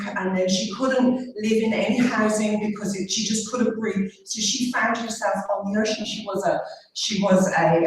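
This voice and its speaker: A woman therapist giving a motivational stage talk, telling a story to an audience. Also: fairly high pitch. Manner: warm storytelling, engages the audience. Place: large conference hall. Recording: echoey hall, heard from a distance.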